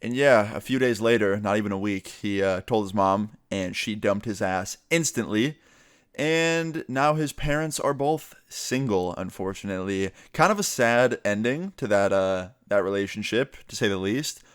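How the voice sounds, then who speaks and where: A young man telling a story on his vlog in a casual, animated way, swearing freely and raising his voice to act out what others said. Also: lowish voice, moderate pace, clean tone, no room sound, clean studio sound. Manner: animated, swearing, acts out quotes in raised voice. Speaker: vlogger telling a story time.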